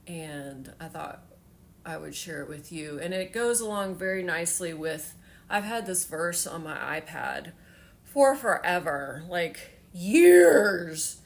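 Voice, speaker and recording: A woman's voice: fairly low pitch, expressive, slow, gravelly. A woman in her forties telling a personal story in a heartfelt, rambling way with many fillers, tearful at times. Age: 40s. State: tearful, emotional.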